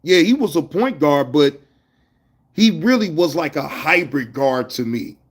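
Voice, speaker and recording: A man's voice: a little high, expressive, a little slow, slightly rough. A man hosting a casual livestream, talking to his chat in loose slang, scolding viewers and reminiscing. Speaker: livestream host.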